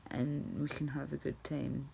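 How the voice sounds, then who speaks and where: Scottish woman chatting on her stream, slow and gravelly, kinda dull lo-fi sound. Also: low-pitched, flat delivery, dark tone, slight background noise. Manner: chatty, swearing, laughing, repeating words. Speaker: livestreamer. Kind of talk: casual chat with viewers. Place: at home.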